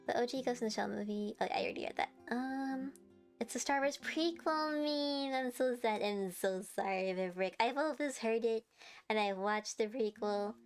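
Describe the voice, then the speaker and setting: A woman's voice: fairly high pitch, measured pace, pauses often, faint music behind. A young woman streaming live, chatting casually and giggling as she answers her chat.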